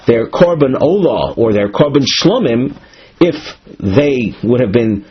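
Husky man teaching a Talmud lesson. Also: medium pitch, sing-song, dull audio. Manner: explains slowly and patiently, stressing key terms.

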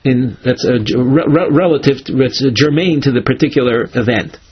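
A man teaching a Talmud class, reading Hebrew and Aramaic source lines aloud and explaining them in English, slowing down to chant key phrases. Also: mid-range voice, breathy edge. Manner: slows down to chant source phrases, with small restarts. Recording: dull lo-fi lecture recording.

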